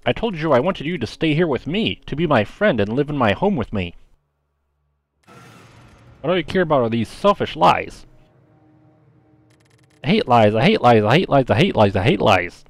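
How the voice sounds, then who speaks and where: A man voicing a possessive, volatile young girl who hates lies, shouting and accusing as he reads game dialogue. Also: on the high side, big pitch swings, moderate pace, creaky, long pauses, no room sound, exaggerated voice. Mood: furious. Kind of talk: game dialogue read aloud by a player.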